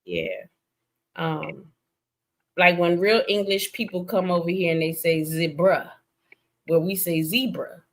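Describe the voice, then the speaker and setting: A woman hosts a late-night stream through a streaming setup, chatting casually and growing animated and emphatic as she tells stories. Her voice is fairly low-pitched and a little slow.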